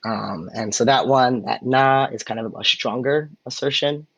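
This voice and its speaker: A man's voice: medium pitch, a little slow, gravelly, fairly bright tone, breathy edge, dry recording, dull audio. A man co-hosting a podcast, explaining points in a casual chat and then demonstrating intonation by example, on a close mic. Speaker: podcast co-host.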